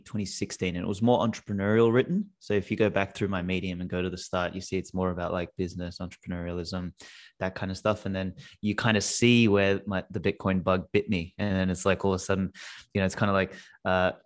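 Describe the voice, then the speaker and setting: A man's voice: low voice, fairly even intonation, a little fast. A man in his thirties, a podcast guest, answering in a rambling, casual way full of restarts and "like". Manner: rambling, restarts, lots of fillers like "like".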